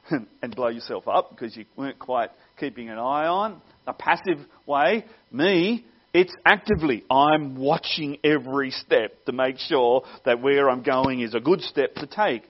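A man preaching a sermon, earnest and teaching, with wry asides. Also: mid-range voice. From Australia. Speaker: pastor. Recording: dull lo-fi sound.

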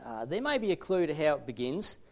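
A man with an English accent explaining biblical names in a measured, thoughtful talk, slowing down to stress key words. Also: on the high side, sing-song. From England. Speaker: Bible teacher.

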